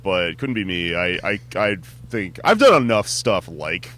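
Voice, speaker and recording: Low-voiced laid-back comedian. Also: male voice, normal speed. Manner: relaxed, rambling, filler-heavy, laughs often. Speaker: comedian and podcast host, interview guest. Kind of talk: casual interview chat. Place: music venue on tour.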